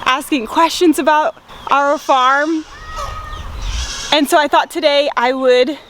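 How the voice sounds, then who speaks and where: A woman's voice: high voice, fairly bright tone, a little hiss or hum. A woman from Rhode Island chatting casually as a farm vlogger, cheerful and laughing often between sentences, outdoors on her farm. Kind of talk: casual vlog chat.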